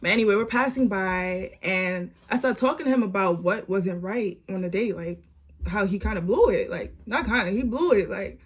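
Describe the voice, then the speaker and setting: A young woman, telling a storytime vlog story with animated repeats and lots of "like". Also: medium pitch, moderate pace, breathy edge. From New York. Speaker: vlogger.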